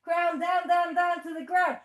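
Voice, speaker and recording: Woman, children's yoga teacher. Bright, high voice, playful and sing-song, in an echoey studio. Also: steady tone, a little slow. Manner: playful sing-song cues with barking and animal noises; encouraging step-by-step instruction. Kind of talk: leading a playful toddler yoga class. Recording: echoey room.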